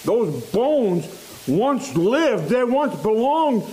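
A man preaching a sermon in a church, slow and emphatic, repeating phrases for stress. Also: very high voice, very animated, dark tone, poor audio.

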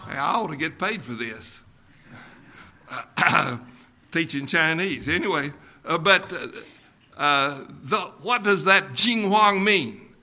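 Slow, bright-voiced older preacher. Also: male voice, a little high, animated. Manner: unhurried, folksy preaching with ums and uhs. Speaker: pastor. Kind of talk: sermon.

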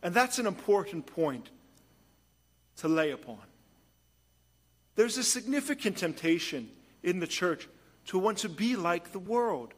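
Man preaching a sermon, slightly high voice. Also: sing-song, a little slow, pauses often. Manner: storytelling with shifts between hushed and emphatic delivery. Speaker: pastor.

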